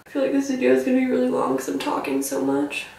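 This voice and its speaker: Young woman, high voice, vocal fry, chatty rambling tutorial, distant mic, very echoey room. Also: big pitch swings, fast talker, a little mellow. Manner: rambling, self-teasing, filler-heavy. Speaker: beauty vlogger.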